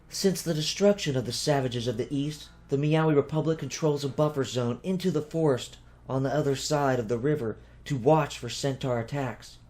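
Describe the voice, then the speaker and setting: Casting: male reader as a proper, grave cat lady, raised pitch, measured formal speech. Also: darkish tone, natural voice. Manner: formal, stately wording. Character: formal, solemn female cat creature.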